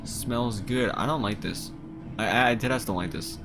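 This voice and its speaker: A man's voice: on the low side, moderate pace, music in the background. A man casually playing a story game, reading its text aloud and commenting with swearing and stammered restarts.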